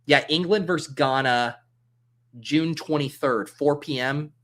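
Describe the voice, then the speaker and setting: Bright-voiced man chatting on a livestream. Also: fairly high pitch, measured pace. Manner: thinks aloud, reads chat comments, loose and joking. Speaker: livestream host drafting fantasy football. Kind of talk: casual livestream chat.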